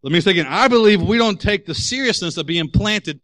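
A male pastor preaching in a candid, storytelling way with plenty of emphasis. His voice is bright and sits a little high, and the sound is dry and close. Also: animated, a little fast, dry recording. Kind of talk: sermon.

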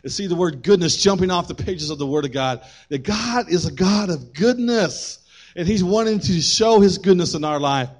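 A man preaching a sermon to his congregation, animated, getting louder for emphasis and then dropping low, with quick asides and jokes to the room. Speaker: pastor.

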